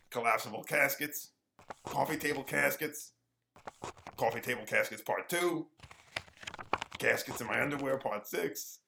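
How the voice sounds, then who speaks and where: A man's voice: mid-range voice, creaky, noisy background. A man improvising comic lines in a joking, rambling way. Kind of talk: comedic improv play. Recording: roomy with music behind.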